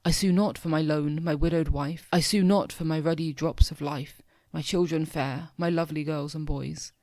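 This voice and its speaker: A man's voice: fairly high pitch, fairly even intonation, moderate pace, a little mellow, dry recording, close to an everyday voice. A young man reading the part of an enchanted elephant who was once a king, pleading in solemn verse.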